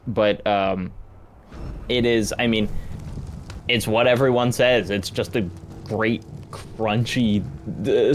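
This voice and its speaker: A man's voice: mid-range voice, slight background noise. Rambling man chatting about games. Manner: rambling, thinks aloud with many fillers. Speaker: guest. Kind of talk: casual gameplay commentary.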